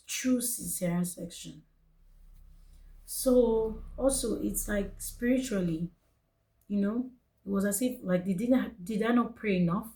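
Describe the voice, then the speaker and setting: A woman's voice: mid-range voice, warm tone, poor audio. A young woman with a Nigerian English accent telling her birth story to camera in an earnest, emotional way, repeating phrases for emphasis. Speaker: vlogger.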